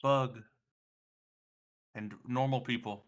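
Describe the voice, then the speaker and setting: A man's voice: medium pitch, steady tone, slow. A man playing in a tabletop game, joking with the game master. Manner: joking player banter. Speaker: player.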